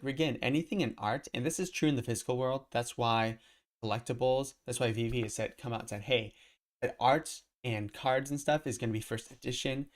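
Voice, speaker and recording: A man casually talking through a live stream at his computer, rambling and thinking aloud as he goes. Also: on the low side. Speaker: crypto collectibles streamer. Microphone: desk mic.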